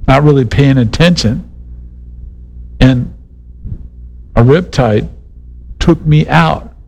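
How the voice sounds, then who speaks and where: A man's voice: on the high side, vocal fry, rough recording. A middle-aged man preaching a sermon in a casual, conversational way, mixing Bible teaching with a personal story. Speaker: pastor.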